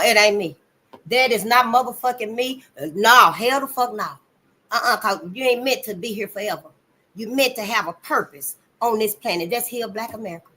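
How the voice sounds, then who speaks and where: A woman hosting her channel, giving blunt, profane commentary and calling listeners honey, swinging between loud outbursts and low asides. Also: animated, moderate pace. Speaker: channel host. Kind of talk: impassioned commentary.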